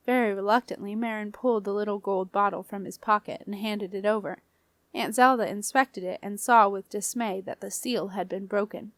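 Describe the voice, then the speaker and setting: A woman reading an audiobook aloud in a measured storytelling way. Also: mid-range voice, fairly even intonation, dry recording. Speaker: audiobook reader. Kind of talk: scripted audiobook narration.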